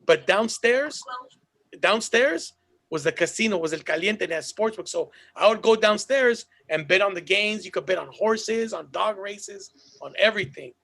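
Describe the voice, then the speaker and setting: A man's voice: sits high, expressive, normal speed, vocal fry, fairly bright tone. A man hosting a casual podcast, chatting in a loose, profane, laid-back way. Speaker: podcast host.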